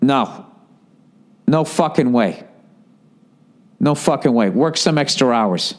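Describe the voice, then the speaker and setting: A man's voice: medium pitch, animated, slow pace. A middle-aged man with a Boston accent, hosting a podcast and ranting profanely while mocking others in silly voices. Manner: swears constantly, mocking put-on voices. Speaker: podcast host. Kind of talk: profane comedic rant.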